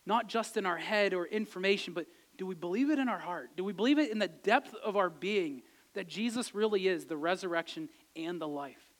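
High-voiced earnest man preaching. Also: brisk. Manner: earnest, builds to emphatic rising passages, then drops soft. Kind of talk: sermon retelling scripture.

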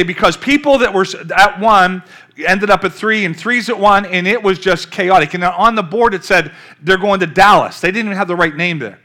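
Older male pastor, high bright voice, animated storytelling sermon. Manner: storytelling, animated, calls out to the congregation.

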